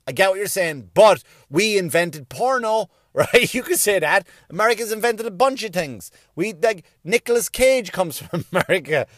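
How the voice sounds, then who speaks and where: High-voiced ranting man in a car. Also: no echo, clean studio sound. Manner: ranting, swearing, rising to shouting. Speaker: podcast host. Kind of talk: profane comedic rant. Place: inside a parked car.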